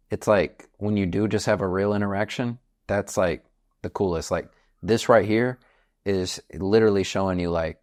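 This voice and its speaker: A young adult man hosting a podcast in casual chat, earnest and a little hesitant. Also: low voice. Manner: earnest, hesitant, frequent likes. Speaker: podcast host.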